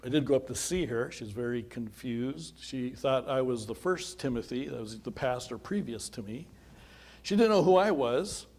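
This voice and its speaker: A man's voice: medium pitch, animated, normal speed, darkish tone. A middle-aged man, a pastor, welcoming people to a simple memorial service in a chatty, folksy storytelling way. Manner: chatty, folksy storytelling with quoted dialogue and asides.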